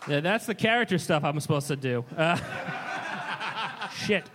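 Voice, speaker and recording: A man answering on a comedy show stage, sheepish and self-mocking, now and then bursting into shouts. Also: on the high side, lively intonation, normal speed, noisy background. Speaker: comedy game contestant.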